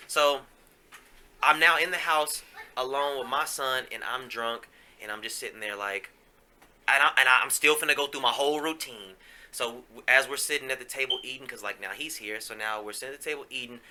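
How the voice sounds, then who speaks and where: A man's voice: medium pitch, fairly quick, bright, forceful tone, a little hiss or hum. A man hosting a podcast, telling a candid personal story in a casual, profane, confessional way with plenty of fillers. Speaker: podcast host.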